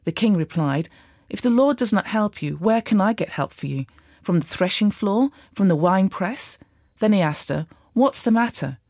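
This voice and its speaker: A woman giving a measured, steady scripted reading of scripture. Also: mid-range voice, no room sound, studio quality. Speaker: Bible reader.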